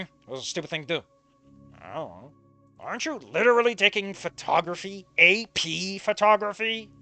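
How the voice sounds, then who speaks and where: A man reading a fan story aloud and breaking off into animated, profane, mock-outraged commentary. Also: high-pitched, no echo. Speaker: story reader.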